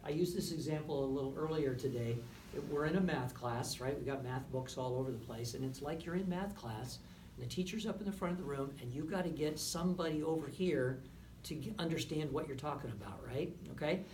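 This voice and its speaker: Captured from a distance in a roomy rehearsal space with faint background noise, a man coaches a brass ensemble as a music clinician. His fairly high voice is a little mellow and a little fast, and he encourages the players, checking in with "right?" and "okay?" nearly every point.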